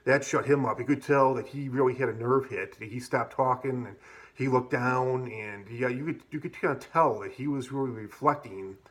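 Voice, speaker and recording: A man's voice: mid-range voice, normal speed, a bit bright. A man telling a casual personal story, rambling and profane, full of fillers. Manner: rambling, profane, many fillers like "like" and "you know". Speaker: vlogger.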